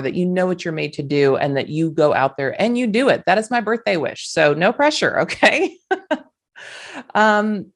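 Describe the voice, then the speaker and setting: A woman, hosting a podcast and giving an earnest, emphatic motivational monologue with folksy asides. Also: sits low. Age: 40s. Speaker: podcast host.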